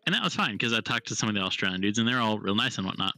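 A man's voice: on the low side, expressive, very fast, bright, forceful tone. A man chatting on a live stream, blunt and opinionated as he tells stories, with faint music behind. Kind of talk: casual chat.

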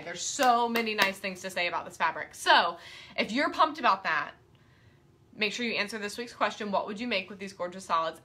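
A woman hosting a live-streamed quilting class, bubbly and excitable, chatting and easily sidetracked. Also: medium pitch. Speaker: quilting teacher and host.

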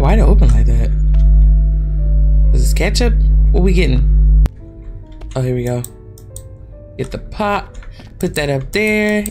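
Chatty woman with a lively, lowish voice. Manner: chatty, animated, swears freely, talks straight to viewers. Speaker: gaming channel host. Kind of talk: casual horror game commentary.

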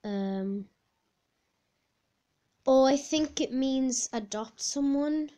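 A chatty female vlogger with a fairly high voice, talking slowly and unhurriedly as she thinks out loud. She fills pauses with ums and jumps into excited squeals now and then, in a casual, off-the-cuff way. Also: smooth. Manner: chatty, thinks aloud with many fillers, bursts into squealing outbursts. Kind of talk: casual chat while taking online quizzes.

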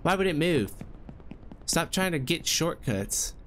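A man doing let's-play commentary, anxiously coaching and scolding himself out loud, his voice jumping high under stress. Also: big pitch swings, slow, slight background noise. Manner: anxious self-talk, scolding and coaching himself through jumps. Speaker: gameplay commentator.

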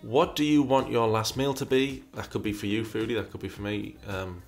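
Rambling, wry man with a low voice. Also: steady tone, a little fast, soft background music. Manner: rambling and wry, with frequent restarts and asides. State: burpy after breakfast. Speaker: commentary channel host answering viewer questions. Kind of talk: casual commentary, reading out questions.

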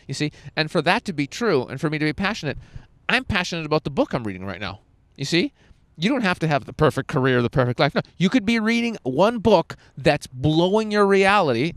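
A man coaching a seminar crowd, animated and profane, acting out little dialogues as he goes. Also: a little high, dry recording. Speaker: dating coach. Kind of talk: energetic seminar talk. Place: indoor seminar room.

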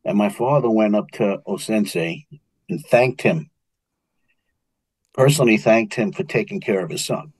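In a fairly low, slightly rough voice at normal speed with long pauses, an older New Yorker shares martial arts stories as an interview guest. He's an animated storyteller who performs the quotes, and the recording is dry.

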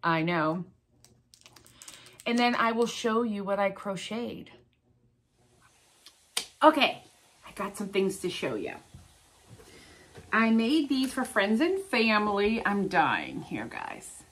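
A woman's voice: mid-range voice, animated, slow, long pauses, a bit bright. A middle-aged woman vlogging in a casual chat to the camera, chatty and exclaiming over her crafts. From Ohio, US.

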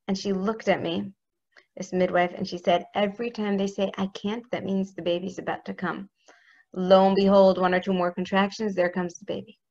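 A woman's voice: medium pitch, level tone, normal speed, a little mellow, highs cut off. A woman giving a heartfelt spiritual talk as a religious teacher, intimate and earnest. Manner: intimate, earnest, speaks prayers aloud.

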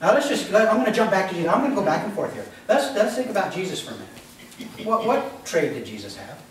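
A man's voice: high voice, big pitch swings, quick pace, very echoey, recorded from a distance, a little hiss or hum, rough recording. A man preaching a sermon as pastor, talking conversationally, quizzing the congregation and acting out voices. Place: church.

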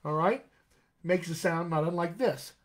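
An upbeat male dialect coach teaches a live online class. His voice sits high for a man, and he keeps checking in with his viewers with a cheerful "all right?" His delivery is chatty and encouraging. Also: a little slow. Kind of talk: live-streamed voice lesson.

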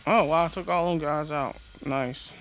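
A man's voice: a little high, steady tone, moderate pace. Profane gamer man over game music. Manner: profane, frustrated trash talk at enemies. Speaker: gameplay streamer. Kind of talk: casual let's-play commentary. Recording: game music playing underneath.

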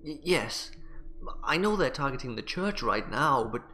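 A man voicing a shaken small-town pastor in a game, stammering and speaking softly. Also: medium pitch, big pitch swings, a little slow, soft background music.

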